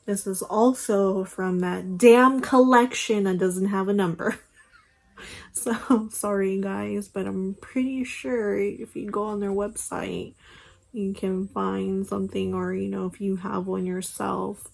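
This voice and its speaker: A young beauty vlogger talks slowly in a mid-range voice with vocal fry, rambling casually through a makeup tutorial full of fillers. She records at home on her phone camera, and the audio quality is low.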